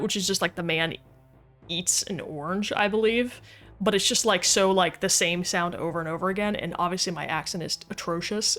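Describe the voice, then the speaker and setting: A woman's voice: medium pitch, fairly bright tone. A woman chatting casually with her livestream chat while playing a game, goofy and talkative, reading comments aloud. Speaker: game streamer.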